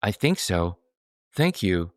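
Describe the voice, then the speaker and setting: A man voicing a frail elderly woman who is frightened and politely pleading, in a soft, shaky manner. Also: low voice, very animated, slow, no echo, studio quality, heavily acted. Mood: weak, shaken.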